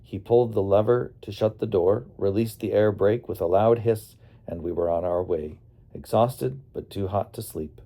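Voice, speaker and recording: A man narrating his memoir as an audiobook in a calm, wry storytelling manner. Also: on the low side, normal speed. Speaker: narrator and bus driver.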